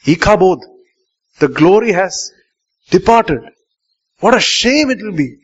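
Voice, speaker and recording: A man's voice: sits high, very animated, measured pace, husky. Male pastor, muffled sermon recording. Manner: questions the congregation, repeats lines for emphasis.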